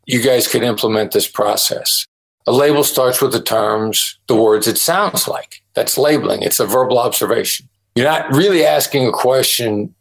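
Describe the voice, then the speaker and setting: A middle-aged man answers interview questions on a podcast. He explains firmly and emphatically, acting out sample lines of dialogue. His pitch sits in an ordinary middle range. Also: creaky, rough recording. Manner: emphatic, explanatory, acts out example phrases. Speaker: negotiation expert guest.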